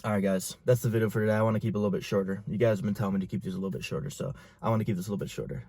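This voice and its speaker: A man's voice: lowish voice, racing, warm tone, husky, no room sound, studio quality. A young man, a fitness and business coach, talking straight to camera in an intense, profane, pushy motivational style.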